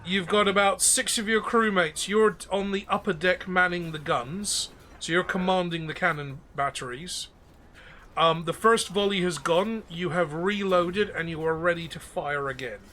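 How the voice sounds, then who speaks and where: A man's voice: high-pitched, moderate pace, sharp tone, slight background noise. A man narrating as game master at a tabletop game, chatty and joking with fillers.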